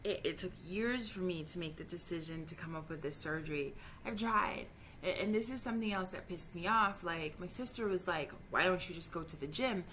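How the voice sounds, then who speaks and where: A woman's voice: fairly low pitch, a little fast, fairly bright tone, a little hiss or hum. A woman in her thirties venting frankly in a personal vlog, heated and swearing freely, stumbling over her words when upset. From Jamaica. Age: 30s. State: upset and frustrated. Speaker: vlogger. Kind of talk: emotional personal vlog rant.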